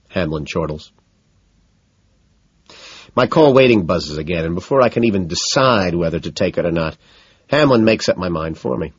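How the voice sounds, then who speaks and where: A man narrating an audiobook in the first person, low-key and dejected. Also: lively intonation, moderate pace, breathy edge, no room sound. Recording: dull lo-fi sound.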